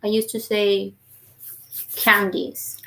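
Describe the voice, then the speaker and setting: A woman's voice: medium pitch, monotone, slow pace, vocal fry, fairly bright tone, low-quality recording. A woman, co-hosting a podcast in casual chat, laughing easily and searching for words. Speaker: podcast co-host.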